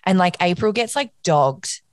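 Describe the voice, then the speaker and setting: Mujer australiana burlona y sin filtro. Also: female voice, on the low side, animated, moderate pace. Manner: blunt, crude, teasing banter. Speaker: podcast co-host. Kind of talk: casual chat.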